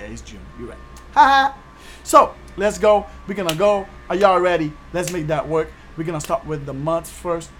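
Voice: mid-range voice, fairly bright tone, slight background noise. A host from Haiti teaching a casual online language lesson, upbeat and repeating each word for learners.

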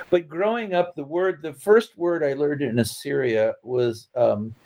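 Over poor audio, a middle-aged Californian man tells family stories in a casual conversation, his voice a little high, dark in tone, and slow. He rambles with plenty of fillers and restarts, laughing at his own anecdotes.

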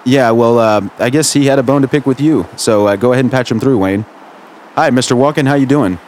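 A man's voice: medium pitch, brisk, a little mellow, slight background noise. A man hosting a comedy radio sketch as the dry, questioning straight man.

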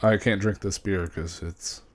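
A man co-hosting a casual podcast, adding dry, quick joking asides. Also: low voice, fairly even intonation. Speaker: podcast co-host.

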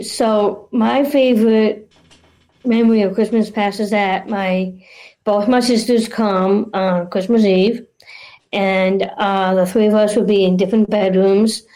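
Brief: a soft-paced woman on a podcast, casual and a bit halting. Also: medium pitch, rough recording. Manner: slow, halting storytelling. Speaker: podcast co-host.

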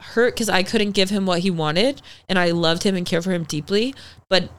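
A woman's voice: on the low side, moderate pace. Chatty young woman telling a story. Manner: animated storytelling with lots of "like" and swearing. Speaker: guest. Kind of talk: casual chat.

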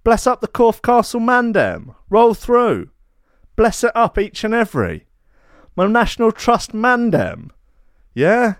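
A man putting on a swaggering young male roadman who hypes up a heritage charity with street slang shout-outs. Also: high-pitched, wildly swooping pitch, extremely slow, long pauses, no echo, clean studio sound, pitched above the performer's own voice, heavily acted. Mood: hyped.

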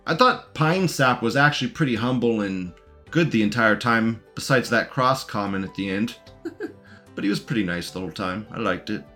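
A man's voice: lowish voice, animated, moderate pace, sharp tone, faint music behind. A man giving casual, mocking commentary as he reacts to a recorded debate and talks back to it.

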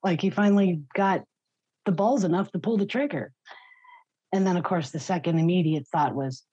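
A woman's voice: lowish voice, normal speed, mellow, husky, no room sound. A middle-aged woman giving a raw, blunt personal testimony in an interview, swearing freely. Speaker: guest sharing her story. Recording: slightly muffled, dry recording.

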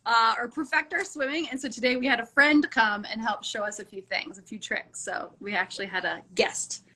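A woman's voice: on the high side, steady tone, a little fast, sharp tone, low-quality recording. A woman guest on a live video chat, talking in a friendly way and laughing easily. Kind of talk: casual interview chat.

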